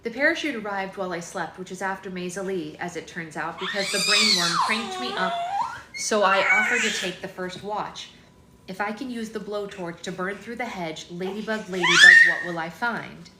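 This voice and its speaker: A woman's voice: mid-range voice, expressive, normal speed. A woman hosting a casual livestream read-along at home, chatting and laughing while talking to her baby and to viewers. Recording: roomy with noisy background.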